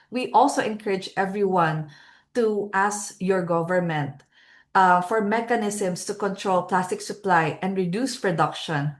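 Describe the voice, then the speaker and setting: A woman giving earnest closing remarks as host of an online webinar over a video call, with frequent filler pauses. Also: fairly low pitch.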